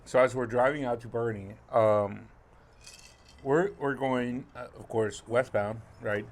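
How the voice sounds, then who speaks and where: A man's voice: mid-range voice, steady tone, unhurried. A middle-aged man, co-hosting a podcast and telling a rambling, profane story with lots of fillers. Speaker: podcast co-host. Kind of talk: casual chat.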